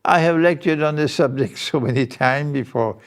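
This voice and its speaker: A man giving a lecture as a Muslim teacher, speaking in a deliberate, emphatic way. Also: a little high. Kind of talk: recorded lecture.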